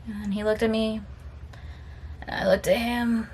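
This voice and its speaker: A young adult woman chatting casually as a book vlogger, tired but animated, telling stories with sassy, emphatic asides. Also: on the high side, fairly quick, long pauses, a little hiss or hum.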